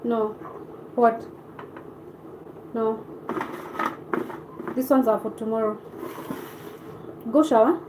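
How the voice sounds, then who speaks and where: A woman's voice: on the high side, steady tone, slow, pauses often, noisy background. A woman from Kenya with a Kenyan accent, hosting a casual live stream and chatting back to viewer comments.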